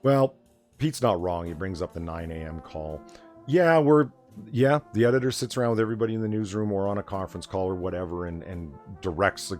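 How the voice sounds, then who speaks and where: A man's voice: low voice, brisk, darkish tone, faint music behind. A man hosting a late-night casual chat, talking in a sardonic, profane rant. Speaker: host.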